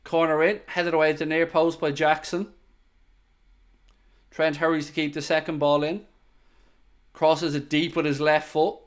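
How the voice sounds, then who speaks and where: A young man giving live football commentary during a watchalong stream, talking to his viewers between plays and groaning loudly at near misses. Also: fairly high pitch, moderate pace, long pauses, smooth. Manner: excitable, bursts into loud groans at near misses, chatty asides to viewers. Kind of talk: live match commentary with chat.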